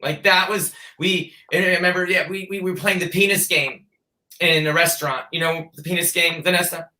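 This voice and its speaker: A podcast host chatting casually, telling stories with gushing, animated energy. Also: female voice, fairly low pitch, normal speed, reverberant. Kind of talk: casual chat.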